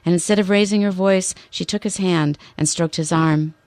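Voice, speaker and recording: A woman hosting a radio interview, soft-spoken and thoughtful, sometimes reading story passages aloud. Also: lowish voice, fairly even intonation, normal speed, smooth, no echo.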